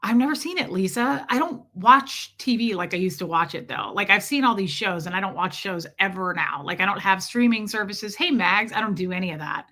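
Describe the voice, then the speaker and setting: A woman's voice: medium pitch, lively intonation, a little fast, hardly any pauses, sharp tone. A woman in her forties hosting a casual livestream, rambling and chatty as she thanks viewers by name. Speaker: livestream host reading chat.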